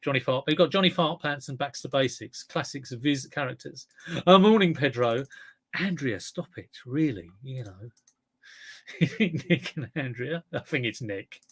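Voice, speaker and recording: A man's voice: medium pitch, expressive, normal speed, a bit bright, slightly rough. A man hosting a casual livestream, reading chat comments and rambling with lots of restarts and fillers. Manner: rambling, self-correcting, chatty.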